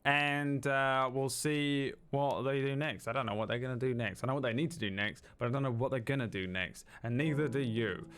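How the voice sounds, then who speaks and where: A man's voice: medium pitch, fairly quick, hardly any pauses, a bit bright, smooth. A man running a tabletop game, signing off a livestream in loose, joking chat. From outside America. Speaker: game master.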